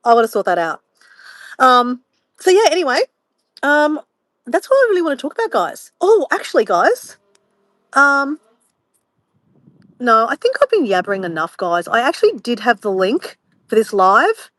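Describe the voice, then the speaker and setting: A young woman rambles through a casual livestream, slipping into animated retellings and the odd swear word. Her voice sits a little high, and the sound is dry and close. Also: normal speed, pauses often, no room sound, low-quality recording. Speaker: disability support worker.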